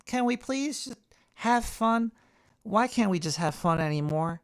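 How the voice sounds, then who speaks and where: A man's voice: high-pitched, animated, measured pace. A man hosting a talk show, ranting in a rambling, profane way with frequent stammering and restarts. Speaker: radio show host.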